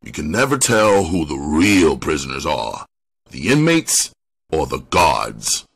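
A man voicing a hard-nosed police detective who speaks in slow, menacing street slang. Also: a bass voice, sing-song, creaky, fairly bright tone, husky, full character voice.

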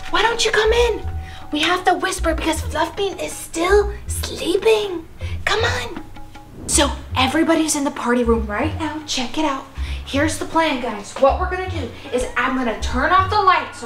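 A young woman vlogger play-acting a birthday party with plush toys, gushing and excitable, full of gasps and "like". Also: sits high, reverberant. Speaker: vlogger staging a toy pet party.

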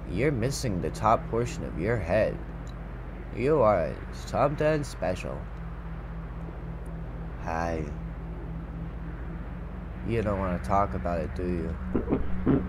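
A man's voice: deep voice, animated, slow, pauses often, background noise. A man commenting on a horror game he plays, mumbling and hesitant as he talks to himself. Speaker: gaming youtuber.

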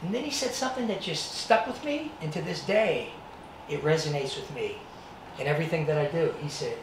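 A man's voice: on the high side, fairly quick, noisy background. A man giving a motivational talk to students, telling his life story and acting out scenes. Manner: animated, acts out scenes. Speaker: guest speaker. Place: presentation room with students. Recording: echoey room, mic at a distance.

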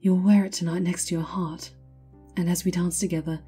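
A woman voicing an eager, self-absorbed young male student who speaks in an excited, lofty way. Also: on the low side, fairly quick, breathy edge, soft background music.

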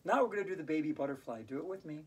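A woman teaching a hula hoop yoga class, playful and chatty, breaking into sing-song rhymes and laughing out loud on cue. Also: low-pitched, lively intonation, very fast, breathy edge. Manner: chants rhyming verses in a sing-song. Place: indoors while it snows outside. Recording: voice from a distance off the mic.

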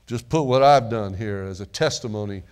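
A man's voice: lowish voice, moderate pace, darkish tone. A man preaching a sermon in a conversational, folksy way, with asides and calls for amens to the congregation. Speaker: pastor.

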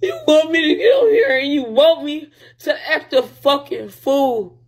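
A woman's voice: high-pitched, very animated, unhurried. A young woman on a livestream, venting in a heated, profane rant and sounding upset, close to tears.

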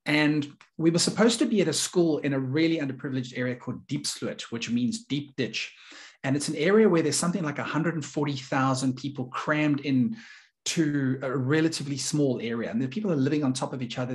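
A middle-aged man, an earnest and emphatic storyteller speaking as a guest in an interview. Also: mid-range voice. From South Africa. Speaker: guest, leadership coach.

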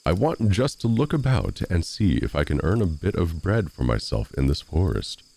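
A man's voice: sits low, sing-song, normal speed, creaky, warm tone, exaggerated voice. A man voicing a boastful, cocky little male tailor in a storybook reading, with brash, bragging delivery. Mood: meek.

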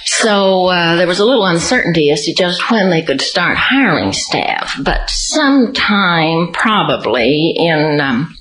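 A woman giving an oral history interview, telling her memories in an unhurried, storytelling way with occasional light laughs. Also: lowish voice, very animated, a bit bright, roomy sound, slight background noise, poor audio.

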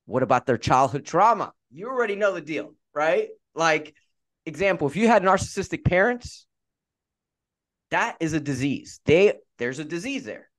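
A man's voice: a little high, expressive, moderate pace, a bit bright. Emphatic male podcast host. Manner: emphatic, repeats words for effect. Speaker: podcast host and relationship coach. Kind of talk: energetic podcast interview.

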